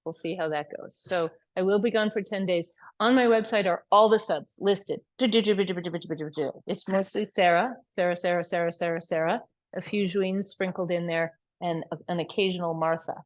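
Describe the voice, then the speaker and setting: Soft-spoken woman teaching yoga over video call. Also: on the low side, fairly even intonation, moderate pace, dry recording. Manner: soft, gentle guiding voice. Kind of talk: yoga class instruction and chat. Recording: dull video call audio.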